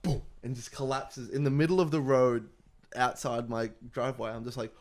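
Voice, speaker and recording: A man's voice: medium pitch, normal speed. A young man, co-hosting a casual podcast and telling stories with energy and the odd swear. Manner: animated storyteller, swears freely. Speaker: podcast co-host. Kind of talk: casual chat.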